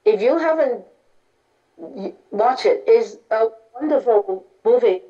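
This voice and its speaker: A woman's voice: on the high side, lively intonation, takes it slowly, warm tone. A woman, a Buddhist nun, giving a dharma talk, telling stories informally with simple grammar and many restarts. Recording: dull lo-fi recording.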